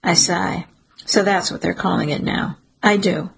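A woman narrating a first-person suspense story in a steady, measured storytelling manner. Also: on the low side, vocal fry, husky, low-quality recording. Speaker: audiobook narrator.

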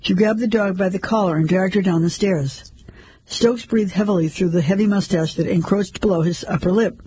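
Husky high-voiced male storyteller. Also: normal speed, darkish tone, poor audio. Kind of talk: scripted first-person story narration.

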